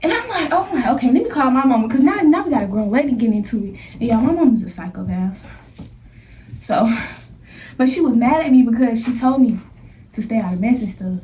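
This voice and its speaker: A young woman in a casual storytime vlog, animated and slangy, acting out the scenes as she talks. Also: on the high side, fairly quick. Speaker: vlogger. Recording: echoey room, voice from a distance.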